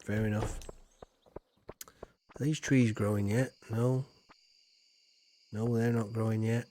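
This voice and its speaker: A man's voice: fairly low pitch, steady tone, slow, warm tone. A man chatting casually as he streams a farming game, rambling with cheeky asides. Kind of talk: casual gameplay commentary.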